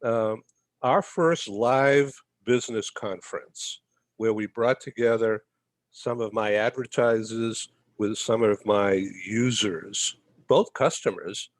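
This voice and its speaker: A man's voice: lowish voice, takes it slowly, no room sound. A man from the Boston area, a guest telling a rambling story in a casual interview and tagging his lines with "okay?". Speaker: guest, magazine publisher.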